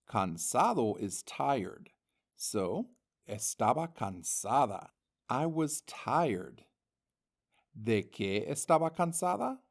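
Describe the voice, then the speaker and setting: A man teaching a language lesson, reading vocabulary words and their meanings slowly and deliberately as scripted instructional narration. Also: mid-range voice.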